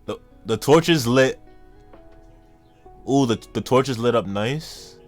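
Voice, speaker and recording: A man streaming live, reacting to comics in slangy, excitable talk to his chat. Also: mid-range voice, slow pace, soft background music.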